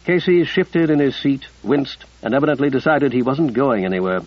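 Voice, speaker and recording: Husky male audiobook narrator. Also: mid-range voice, moderate pace, no room sound, lo-fi sound.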